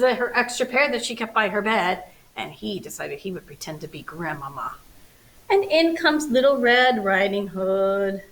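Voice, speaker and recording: A woman librarian reading a storybook aloud to children, expressive and animated, with playful asides. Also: mid-range voice, rough recording.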